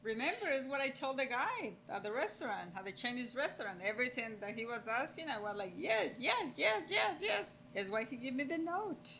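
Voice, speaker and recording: Mom on a podcast, bright highish voice, faint hiss behind her. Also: fast, hardly any pauses, rough recording. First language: Spanish. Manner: laughing, repeats words, animated. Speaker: podcast guest, host's mother. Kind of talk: casual chat.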